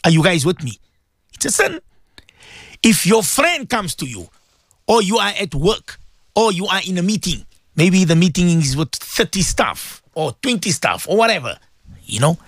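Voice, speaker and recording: A man's voice: high-pitched, very animated, normal speed, fairly bright tone, husky, no echo, clean studio sound. A man preaching an Islamic sermon to radio listeners, emphatic and repetitive, often asking them questions. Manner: emphatic, repeats phrases, asks listeners questions.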